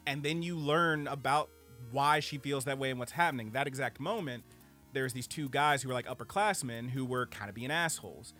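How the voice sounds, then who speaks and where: A man co-hosting a podcast, reviewing anime in casual, animated, profane chat full of fillers. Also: medium pitch, brisk, faint music behind. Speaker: podcast co-host.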